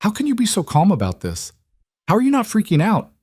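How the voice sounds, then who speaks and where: A man's voice: high voice, huge pitch swings, brisk, darkish tone, breathy edge, dry recording, clean studio sound, voice pushed up, full character voice. A man voicing a guarded, driven woman CEO in an audiobook-style story reading, with an earnest, confessional manner that tips into anxiety. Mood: anxious.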